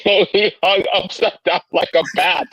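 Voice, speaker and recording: Man, high lively voice, slow, husky, dry sound, casual chat. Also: no echo, rough recording.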